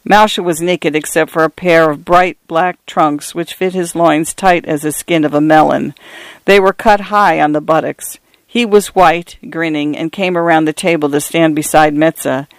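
A man narrating first-person literary fiction in a measured, even storytelling voice. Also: a little high, dry recording. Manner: measured, evenly paced storytelling.

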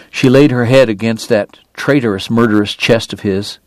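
A man narrating a novel in a measured, unhurried storytelling manner. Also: fairly low pitch, no echo. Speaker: audiobook narrator. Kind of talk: scripted narration.

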